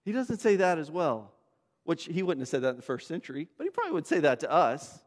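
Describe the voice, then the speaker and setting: A man's voice: fairly high pitch, sing-song, fast. A man preaching a sermon to his congregation in a conversational, storytelling way, with asides to people in the room. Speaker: pastor. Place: church sanctuary. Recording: long reverb of a church hall.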